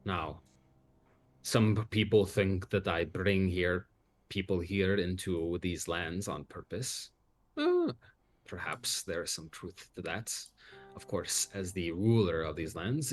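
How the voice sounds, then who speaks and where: A man voicing an imperious male vampire count, formal and measured in a tabletop game. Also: deep voice.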